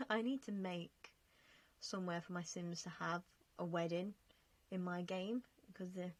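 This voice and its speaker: A young woman chatting casually over gameplay, self-mocking and laughing often as she talks through her choices. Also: on the low side. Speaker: game vlogger.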